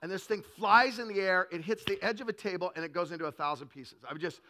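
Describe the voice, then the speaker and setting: A middle-aged male pastor preaching a sermon in a high, bright voice. He moves between booming emphasis and quiet, conversational asides. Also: quick pace.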